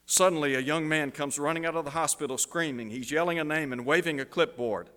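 A man preaching a dramatic sermon illustration, dropping to a hush at the tense moments. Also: fairly high pitch, a little fast. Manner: dramatic, drops to a hush at emotional peaks. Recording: long hall reverb.

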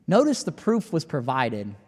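A pastor with a notably high voice and huge pitch swings preaches emphatically, pressing his points and rising to near-shouting at climaxes, with long dramatic pauses left hanging. A long, lingering reverb suggests a large hall like a big church sanctuary.

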